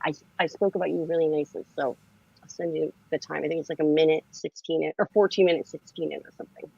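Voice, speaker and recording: A woman's voice: low-pitched, fairly even intonation, fast talker, vocal fry, mellow, slightly rough, no room sound, muffled recording. A woman with a lisp, co-hosting a casual late-night livestream chat, giggling and scattered as she talks. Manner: giggly, scattered, laughing often. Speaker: livestream co-host.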